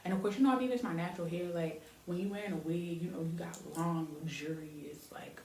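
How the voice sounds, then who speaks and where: Doing her hair for her vlog, a young woman rambles casually with plenty of fillers. She's a beauty vlogger whose fairly low, steady, slightly mellow voice moves fairly quickly, recorded in an echoey room with faint background hiss.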